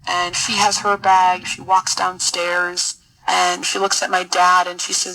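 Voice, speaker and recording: A middle-aged woman guest telling a personal story in an interview, earnest and halting, often repeating words as she searches for them. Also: on the low side, completely flat delivery, gravelly, bright, forceful tone, poor audio. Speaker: podcast guest, military officer.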